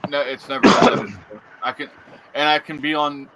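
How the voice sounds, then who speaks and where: A man's voice: fairly high pitch, brisk. Guy hosting a hangout call, swears a lot, loads of background noise. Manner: crude, joking, laughs often. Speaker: host. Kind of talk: casual group chat on a call.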